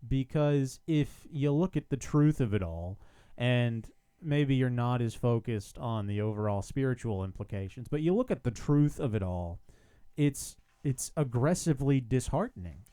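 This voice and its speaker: A man co-hosting a casual podcast chat, sardonic and animated, who swears freely. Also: medium pitch, moderate pace, smooth. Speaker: podcast co-host.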